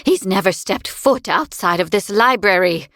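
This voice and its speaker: A woman voicing a sour, vicious old female crone in an audiobook, speaking in a sharp, scolding and sarcastic way. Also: mid-range voice, animated, moderate pace, no echo, studio quality. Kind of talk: audiobook character voice.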